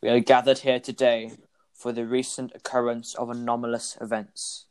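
Man voicing robotic overlord, grave, measured, commanding. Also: mid-range voice, little pitch movement, darkish tone, smooth. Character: calm robotic male overlord leading a council. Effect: robotic voice, spoken.

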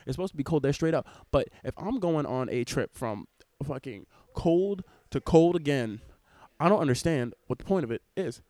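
A young man hosting a podcast, rambling excitably and swearing freely as he records in public on a cruise ship. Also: fairly high pitch, normal speed, no echo. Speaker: podcast host. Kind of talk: casual podcast chat. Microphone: wearing headphones, laptop recording.

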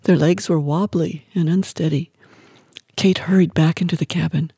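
An author reading from their own novel in a calm, gentle narration. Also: mid-range voice, normal speed, slightly rough, dry recording, studio quality. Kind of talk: scripted narration.

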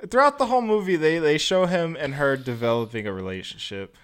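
A man's voice: on the high side, expressive, a little fast, clean tone. A young man co-hosting a casual movie review chat, rambling a little and acting out quotes in funny voices. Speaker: podcast co-host.

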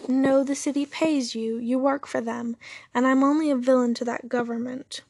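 A woman's voice: sits high, steady tone, moderate pace, creaky, darkish tone, slight background noise. Woman reading as a sarcastic young supervillain. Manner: dry, sarcastic, offhand.

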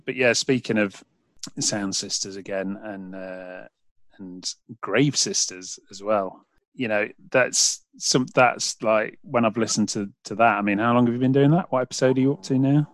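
A man's voice: lowish voice, moderate pace, no room sound. A British man hosting a podcast, rambling in casual chat with lots of fillers and restarts. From United Kingdom. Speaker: podcast host.

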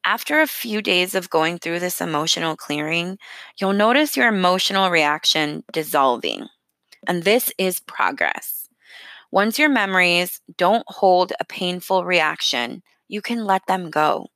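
Earnest woman, 30s, bright low-pitched voice, dry close mic, candid self-help chat. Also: lively intonation, a little slow, no room sound. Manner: candid, self-deprecating, with restarts. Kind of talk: personal advice talk.

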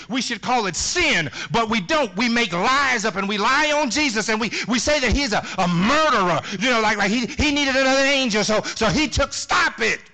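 A man's voice: extremely high pitch, bright, forceful tone. A pastor preaching a sermon in a church, talking in an emphatic, conversational way and often repeating words as he builds a point. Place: church sanctuary.

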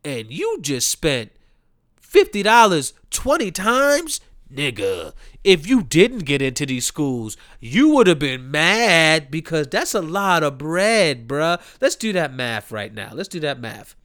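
A man's voice: fairly high pitch, big pitch swings, unhurried, hardly any pauses, a bit bright, dry recording, clean studio sound. A young adult man giving a profane, ranting commentary, heated and mocking, with emphatic repeated phrases. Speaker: commentary host.

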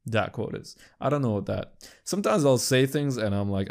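A young man hosting a podcast, chatting casually in a rambling, profane way and jumping into high squeaky voices for quips. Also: lively intonation, normal speed, few pauses. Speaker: podcast host. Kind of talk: casual chat.

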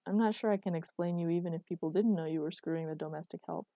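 A woman voicing a dry, patient, exasperated boyfriend with a deadpan delivery. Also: on the low side, quick pace, no room sound, close to an everyday voice.

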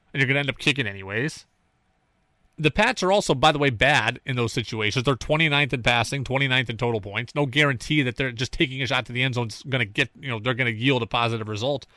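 Animated sports radio host, bright and dry. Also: male voice, medium pitch, no echo. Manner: animated, fan-style ranting with play-by-play recaps. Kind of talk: sports talk monologue.

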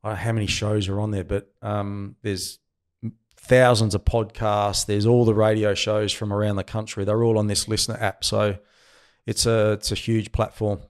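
An Australian man in his early fifties, once a cricketer and now a commentator, chats casually as a guest on an interview, a relaxed storyteller who laughs at his own tales. His voice is on the low side, smooth, and at a normal speed.

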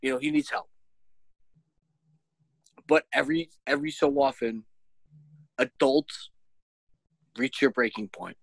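A man's voice: medium pitch, measured pace, creaky, long pauses, breathy edge, no room sound, low-quality recording. A man chatting casually, telling an exasperated, profane story as a parent. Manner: shouts when quoting himself. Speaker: podcast host, parent. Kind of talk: casual chat.

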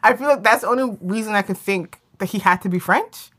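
A woman's voice: medium pitch, fairly quick, a bit bright, slightly rough. A woman co-hosting a podcast, chatting casually about a drama series and reading out viewer comments, laughing often. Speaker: podcast co-host. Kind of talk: casual chat.

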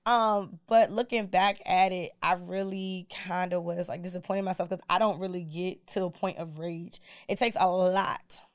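A woman's voice: fairly low pitch, normal speed, few pauses, no room sound. A woman guest on a podcast, telling a personal story in casual, colloquial speech and acting out what people said. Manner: animated, colloquial storyteller who acts out dialogue.

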